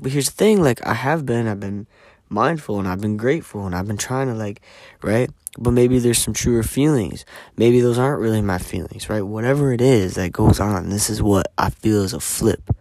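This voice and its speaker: A man talks through his week in a candid, emphatic vlog, cursing freely and sinking to hushed near-whispers at times. His voice sits low. The recording is dry and close, with no room sound. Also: dry recording. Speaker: vlogger. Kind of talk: candid personal reflection to camera.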